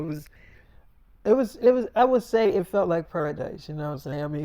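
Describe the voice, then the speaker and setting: Mellow-voiced man rambling a casual story. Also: high voice, no echo. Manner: loose, repetitive, full of "you know". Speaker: vlogger.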